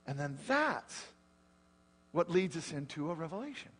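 A man preaching a sermon as pastor, explaining scripture in an animated, conversational way with frequent questions to the congregation. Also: fairly high pitch, normal speed, husky. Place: church.

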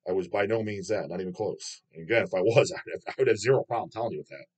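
A man's voice: sits low, very fast, a little mellow, slightly rough. A man hosting his own channel, reading viewer comments aloud and answering them in a rambling, profane way, laughing often. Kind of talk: casual chat.

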